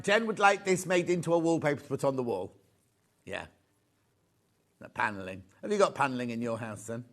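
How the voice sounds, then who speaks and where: A man's voice: a little high, fairly bright tone. A man with a Yorkshire accent presenting fabric on a live shopping channel, chatty and gushing, full of asides. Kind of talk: live TV sales chat.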